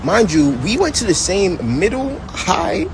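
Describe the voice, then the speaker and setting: A man's voice: high-pitched, sing-song, unhurried, noisy background. A man from the United States speaking in a casual vlog rant, direct and exasperated.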